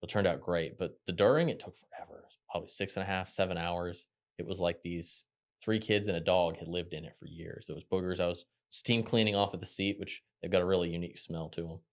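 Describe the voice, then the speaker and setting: Fast-talking young man, very low voice. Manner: quick, chatty, animated when quoting others. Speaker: podcast guest. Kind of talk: casual interview storytelling.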